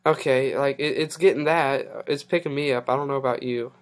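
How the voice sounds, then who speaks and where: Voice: mid-range voice, steady tone, a little fast. A podcast host, chatting casually and sounding flustered and exasperated while swearing at technical trouble. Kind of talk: casual live-stream chatter.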